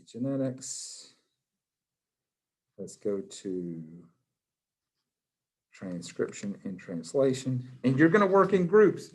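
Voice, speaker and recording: A man with a drawl teaches a biology class. He quizzes his students one by one in a playful, cheerful way, with an average-pitched voice. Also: darkish tone. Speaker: high school biology teacher.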